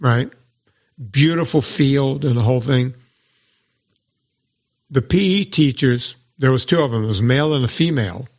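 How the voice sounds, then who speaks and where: A man's voice: medium pitch, moderate pace, pauses often, highs cut off. A man hosting a podcast, telling stories in casual chat and acting out what other people said in mock voices. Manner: animated storytelling with mock quoted voices. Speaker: podcast host and trainer.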